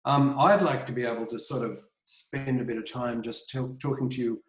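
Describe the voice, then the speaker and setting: A man's voice: mid-range voice, steady tone, normal speed, reverberant, low-quality recording. An Australian man presenting an art webinar from his home kitchen, rambling with many fillers and restarts. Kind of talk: casual online presentation.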